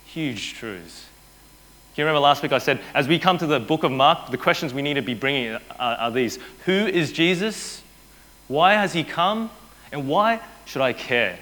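A man preaching a sermon as pastor, telling the story with energy and dropping to a hushed voice for quoted lines. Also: a little high. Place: church.

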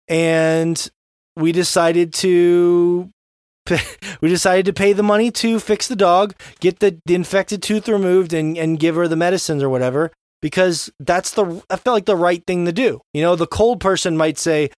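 A young adult man co-hosting a podcast, telling a story in an animated, casual way and swearing now and then. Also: sits high, moderate pace, no echo, studio quality. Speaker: podcast co-host. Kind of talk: casual chat.

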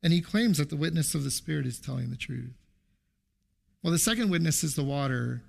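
Gravelly, animated man preaching a sermon. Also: on the high side, brisk. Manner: storytelling with acted quotes, animated. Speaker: pastor.

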